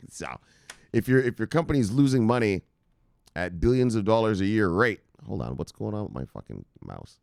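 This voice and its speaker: A man's voice: on the low side, sing-song, normal speed, gravelly, a little mellow, no echo, clean studio sound. A male host giving casual, loose crypto news commentary from his computer, chatty and profane, laughing often.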